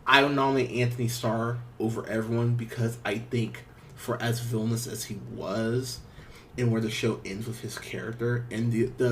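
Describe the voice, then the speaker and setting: A man's voice: lowish voice, a little hiss or hum. A man hosting a movie podcast. He rambles through a casual review, swearing freely and laughing often. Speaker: podcast host.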